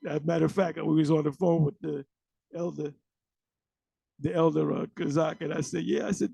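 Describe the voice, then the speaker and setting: A man giving a casual religious commentary. He talks loosely and restarts often, and he slows down when he reads scripture aloud. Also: on the high side, flat delivery, gravelly, warm tone, husky, dry recording. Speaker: religious elder and teacher.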